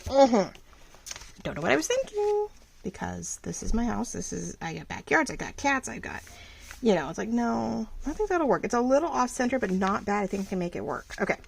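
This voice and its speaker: A woman's voice: medium pitch, lively intonation, brisk, vocal fry, slight background noise, low-quality recording. A woman vlogger chatting casually while she crafts, thinking aloud and restarting her sentences as she goes.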